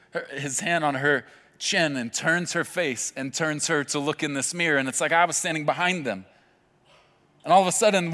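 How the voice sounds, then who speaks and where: High-voiced preacher in a big echoing hall. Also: male voice, bright, forceful tone. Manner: vivid, impassioned storytelling with dramatic pauses. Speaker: pastor. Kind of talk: sermon. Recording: long hall reverb with faint music. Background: faint music.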